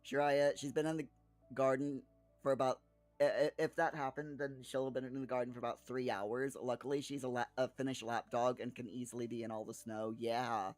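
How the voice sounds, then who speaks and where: Man streamer, mid pitch, rambling casual chat with restarts, faint music underneath. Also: little pitch movement, brisk, dry recording. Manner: rambling, with frequent restarts and chuckles.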